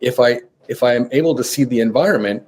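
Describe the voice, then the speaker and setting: Man explaining in a lively podcast chat. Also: medium pitch, fast talker, slight background noise. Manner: explains with animated acted-out examples. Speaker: guest author on nervous system training. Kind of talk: conversational podcast interview.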